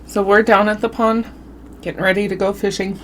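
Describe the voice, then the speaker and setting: A woman vlogger casually telling a spooky story while eating, with a runny nose and an animated, drawn-out way of talking. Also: mid-range voice, a little hiss or hum. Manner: animated storytelling with southern-style "y'all". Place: home, eating on camera.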